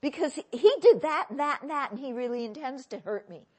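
A woman's voice: high-pitched, lively intonation, fairly quick, darkish tone, breathy edge, pitched above the performer's own voice. A woman voicing her own angry self, complaining in an exaggerated, overdramatic way. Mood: whiny.

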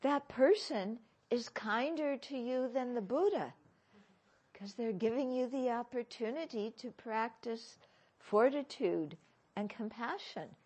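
A woman teaching as a Buddhist teacher in a dharma talk, questioning her listeners with gentle humor. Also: on the high side, expressive, slow, breathy edge.

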